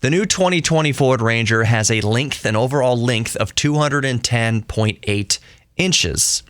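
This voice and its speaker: A man's voice: medium pitch, measured pace, fairly bright tone, no echo, studio quality. A man hosting a solo podcast, rambling conversationally and often correcting himself mid-sentence. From United States. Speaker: podcast host.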